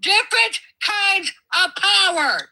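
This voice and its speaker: A woman argues furiously and swears nonstop, her high, piercing voice cracking toward tears. She shouts over the other person in a heated live debate. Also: animated, slow, creaky. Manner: angry, profane, shouting.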